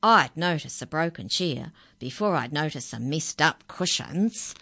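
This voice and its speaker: A woman's voice: deep voice, animated, measured pace, sharp tone, full character voice. A woman voicing a curious, skeptical child who keeps interrupting a story with questions.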